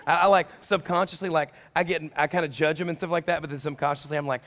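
Man preaching, higher voice, joking and animated, long hall reverb. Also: fast, hardly any pauses. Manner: animated, joking, acts out quotes. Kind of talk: sermon. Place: large church hall during a service.

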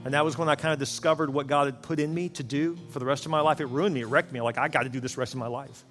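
A man's voice: medium pitch, steady tone, rapid-fire, fairly bright tone. A middle-aged man preaching a sermon as pastor, telling a personal story in an earnest way and often repeating words as he goes. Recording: long hall reverb with faint music.

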